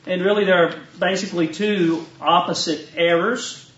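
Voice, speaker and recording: A Southern man pastors his flock, reading scripture then teaching in a measured sermon voice. The sound is roomy and distant, as if taped from the back of a meeting hall. The recording itself is dull and muffled. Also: sits high, steady tone, a bit bright, slight background noise. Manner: measured, reads scripture aloud then preaches. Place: church retreat meeting room. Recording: echoey, distant, dull live church recording.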